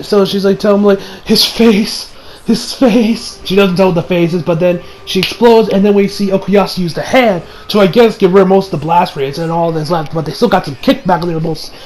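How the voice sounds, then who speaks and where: A man's voice: high-pitched, a little fast, a little mellow, slight background noise, rough recording. A man giving a casual, rambling video review of an anime, full of fillers, restarts and swearing.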